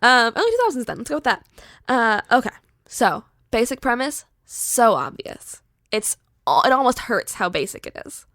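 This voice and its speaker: Young podcast host lady, gravelly voice, rambling chatty storytelling, dry close sound. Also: fairly high pitch, normal speed, no room sound. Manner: chatty and animated, lots of "like" fillers. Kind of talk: casual storytelling pitch.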